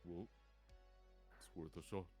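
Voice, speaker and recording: A man's voice: low-pitched, fairly even intonation, slow, mellow, faint music behind. A man playing a tabletop roleplaying game, describing his own actions with wry humor and sometimes whispering in character. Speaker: player.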